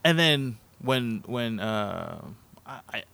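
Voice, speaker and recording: A man's voice: medium pitch, big pitch swings, takes it slowly, creaky, bright, forceful tone, no echo. A young man in a band, talking in a laid-back, rambling way with lots of fillers. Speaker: band member. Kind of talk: casual podcast chat.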